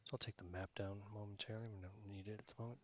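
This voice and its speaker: A man's voice: lowish voice, steady tone, very fast, dry recording, muffled recording. A man running a tabletop game as game master, narrating casually and rambling with many fillers.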